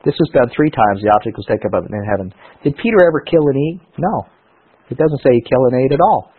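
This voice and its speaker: A man reading scripture aloud and then teaching on it, halting often with fillers and restarts. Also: medium pitch, animated, breathy edge. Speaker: preacher. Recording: tinny phone-like radio sound.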